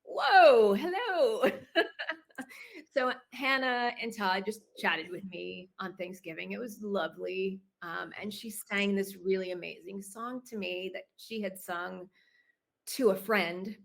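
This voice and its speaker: A woman from Chicago, a guest on a video-call interview, telling a personal story and pausing to gather her thoughts. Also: medium pitch, steady tone, gravelly, fairly bright tone. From Chicago, United States.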